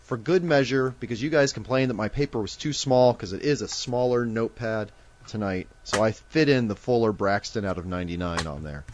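A man's voice: fairly low pitch, a little fast, a little hiss or hum. Chatty man hosting a live card stream. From Omaha, Nebraska. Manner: chatty, jokey, reads off giveaway lists. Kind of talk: casual live-stream chat.

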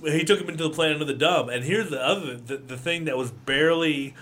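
A man's voice: a little high, fast, a bit bright, slight background noise. A man co-hosting a podcast in casual chat, rambling and laughing often. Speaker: podcast co-host.

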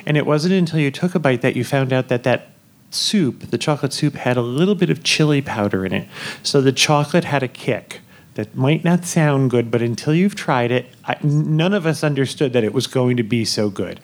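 A man hosting a live podcast from a cruise ship theater, speaking at an everyday middle pitch. He tells stories in a chatty way and often breaks into laughter while the audience listens. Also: expressive, fairly quick. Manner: chatty, laughing, enthusiastic food storytelling. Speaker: podcast host.

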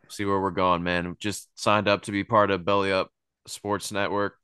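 Male podcast host, very low voice, smooth, dry close mic, relaxed rambling delivery. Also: normal speed, no echo. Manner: laid-back, rambling, laughs often. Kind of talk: casual sports podcast chat.

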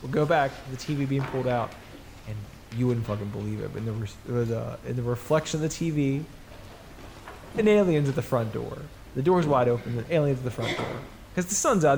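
A man hosting a comedy podcast, rambling through a profane, joking movie retelling and laughing at his own jokes. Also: fairly high pitch. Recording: noisy background.

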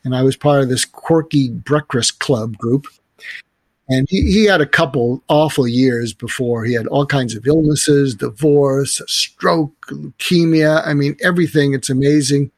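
A man's voice: medium pitch, unhurried, dry recording. A man, a podcast guest, telling stories and giving advice in an earnest, reflective way. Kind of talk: conversational storytelling.

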